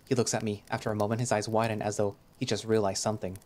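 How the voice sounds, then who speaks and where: A man's voice: fairly low pitch, flat delivery, quick pace, hardly any pauses, a little mellow. A man giving first-person, reflective narration of a visual novel.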